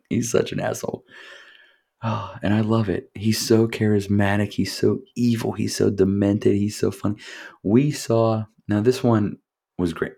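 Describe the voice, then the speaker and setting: Male podcast host, very low voice, loose rambling delivery with swearing and little laughs. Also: a little mellow. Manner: rambling, profane, chuckling asides. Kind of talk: casual solo podcast review.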